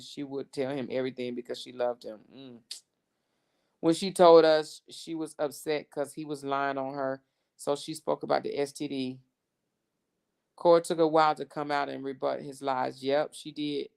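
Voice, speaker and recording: Woman host with a smooth but gravelly voice, casual chatty commentary. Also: extremely low pitch, darkish tone. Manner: chatty, repeats herself for effect.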